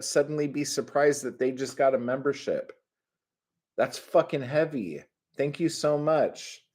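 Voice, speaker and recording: A middle-aged man hosting his own livestream, chatting casually, rambling and swearing with sudden bursts of excitement. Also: mid-range voice, measured pace. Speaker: channel host.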